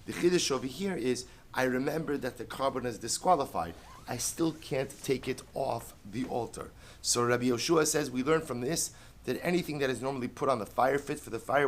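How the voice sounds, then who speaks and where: A man's voice: mid-range voice, a little hiss or hum. A middle-aged man teaching a Talmud class, explaining step by step, repeating key phrases and asking and answering his own questions, with Hebrew and Aramaic terms mixed in.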